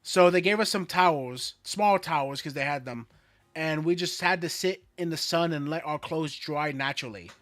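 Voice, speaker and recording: A young man co-hosting a casual podcast, telling stories with lively, profane energy. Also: on the high side, moderate pace, no echo. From Florida, USA. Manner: animated storyteller, swears freely. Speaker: co-host.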